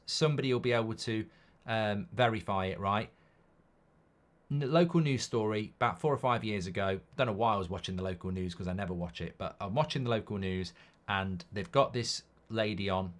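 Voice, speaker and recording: Blunt man rambling on a live stream. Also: lowish voice. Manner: rambling storyteller, reads chat comments aloud; blunt, swings between loud outbursts and mutters. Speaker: football watchalong host. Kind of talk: live-stream casual chat.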